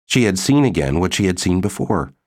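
A man narrating an audiobook in a steady, measured way. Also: low-pitched, no room sound, studio quality. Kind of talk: scripted narration.

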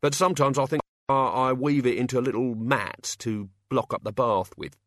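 A man's voice: mid-range voice, steady tone, normal speed, dry recording, studio quality, lightly acted. A man voicing a shifty little gnome. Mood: sheepish. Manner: sheepish and evasive. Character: tiny male gnome, shifty and sheepish.

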